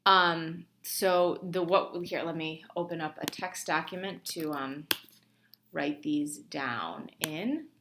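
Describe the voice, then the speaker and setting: Brief: woman teacher, low and slow, halting and casual, screen-recorded lab walkthrough. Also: noisy background. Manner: hesitant, many ums and restarts; informal explaining to students. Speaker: instructor.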